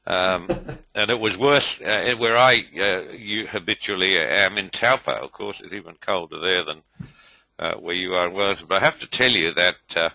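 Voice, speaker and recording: Older man, very low, bright voice. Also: moderate pace, vocal fry, poor audio. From India. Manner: rambling, many fillers, friendly roll call. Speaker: host. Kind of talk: casual webinar welcome.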